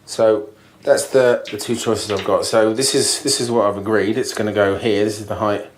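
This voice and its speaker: A man's voice: fairly low pitch, fairly even intonation, brisk, reverberant, slight background noise. Methodical man explaining DIY tiling. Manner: methodical, thinking aloud with ums and restarts. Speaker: DIY video host. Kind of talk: casual step-by-step DIY explanation. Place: bathroom being refurbished, indoors. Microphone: camera mic, moving around the room.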